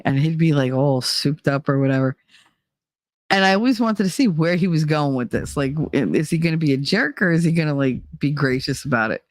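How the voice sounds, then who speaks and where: A woman's voice: low voice, no room sound, clean studio sound. A woman hosting a casual chat show, telling stories in a blunt, profane way and laughing often. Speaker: podcast host.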